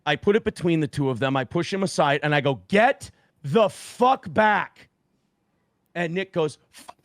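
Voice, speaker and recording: A man's voice: a little high, fast, dry recording, studio quality. A man in his forties telling a story on a stream in blunt, profane language, acting out what others said. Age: 40s. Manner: blunt, profane, animated retelling with quoted voices. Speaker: guest.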